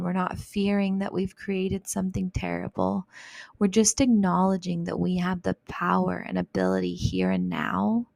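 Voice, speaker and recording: A woman hosting a solo self-help podcast, talking in a gentle, reflective, casual way with plenty of "like" and "you know". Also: on the low side, creaky, dry recording. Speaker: podcast host.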